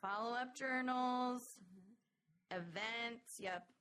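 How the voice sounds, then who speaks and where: A woman's voice: fairly high pitch, slow pace, a crowd in the background. A woman joining a podcast as a guest, playful and self-teasing in casual banter.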